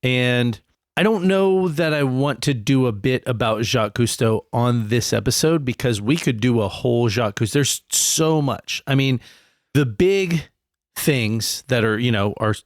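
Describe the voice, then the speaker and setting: A young man co-hosting a comedy podcast, talking at a middling pitch with loose, meandering sentences. He stretches his words out and often breaks into laughs. The sound is close and completely dry. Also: no echo. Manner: rambling, drawn-out, laughs often. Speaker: podcast co-host. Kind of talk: casual comedy chat.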